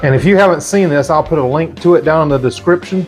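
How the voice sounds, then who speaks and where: A man's voice: fairly high pitch, fast talker, a little mellow, faint music behind. A middle-aged man with a Southern American accent, demonstrating a recipe as the host of a cooking channel in a folksy, chatty way.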